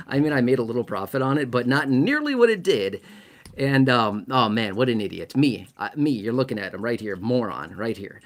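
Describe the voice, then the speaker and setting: A man's voice: mid-range voice, lively intonation, brisk. A man giving casual money commentary to camera, emphatic and self-mocking, stacking up repeated words for stress. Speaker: finance commentator.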